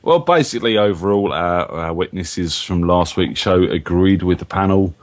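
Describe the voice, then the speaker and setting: A man's voice: low voice, moderate pace, no room sound. A man from England with an English accent, a panelist joking wryly on a live webcast. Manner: wry, joking. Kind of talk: casual webcast banter.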